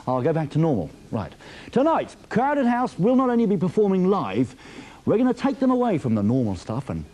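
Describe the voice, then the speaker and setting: A man's voice: high-pitched, warm tone. A man hosting a music TV show, chatty and self-mocking in a playful way. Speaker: TV host. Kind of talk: jokey TV show presenting.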